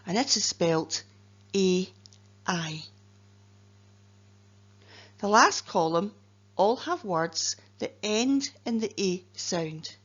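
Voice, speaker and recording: A woman with a Scottish accent, a teacher slowly and carefully explaining spelling patterns and sounding out words letter by letter. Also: lowish voice. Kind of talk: phonics lesson narration. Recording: dull lo-fi recording.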